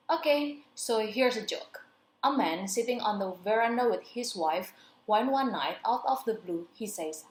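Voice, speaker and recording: A woman's voice: medium pitch, animated, measured pace. A young adult woman, a student, reading a radio interview script aloud with careful pacing and small slips. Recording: roomy echo.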